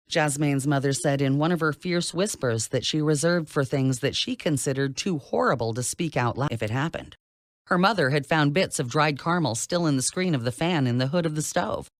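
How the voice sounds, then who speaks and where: A narrator reading a novel aloud in an expressive, scripted style. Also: a little fast, no room sound, clean studio sound. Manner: expressive reading with lively pitch. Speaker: audiobook narrator.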